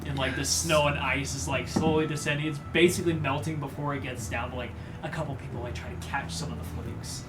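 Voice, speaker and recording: A man's voice: medium pitch, fairly even intonation, fast talker, few pauses, very noisy. A man narrating a tabletop game as game master, casual and full of fillers. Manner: casual, many fillers, bursts into shouted crowd voices.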